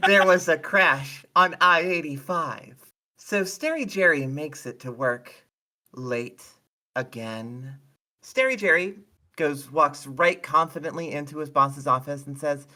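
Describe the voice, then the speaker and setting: A player spins an improvised comedy story, slow and unhurried. The delivery is deadpan and the tone is bright. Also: mid-range voice.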